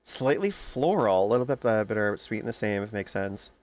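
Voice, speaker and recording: Lively, chatty male streamer. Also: on the low side, fairly quick. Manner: chatty, animated storytelling, greets viewers by name. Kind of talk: casual chat with stream viewers.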